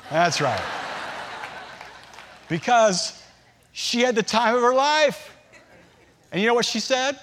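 A man in his forties preaching a sermon, telling a family story with lively acted-out voices. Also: extremely high pitch, slow, long pauses, slight background noise. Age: 40s. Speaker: pastor. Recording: long hall reverb.

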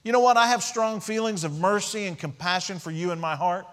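A man's voice: high voice, brisk, fairly bright tone, pitched above the performer's own voice. A man voicing an imagined man who awkwardly excuses himself, sheepish and hedging.

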